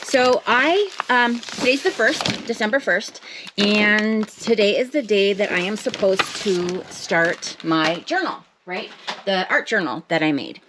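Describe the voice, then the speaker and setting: A woman's voice: mid-range voice, expressive, measured pace, noisy background. A woman chatting to camera from her home art table, rambling and self-deprecating with lots of fillers. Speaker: art vlogger. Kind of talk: casual chat to camera.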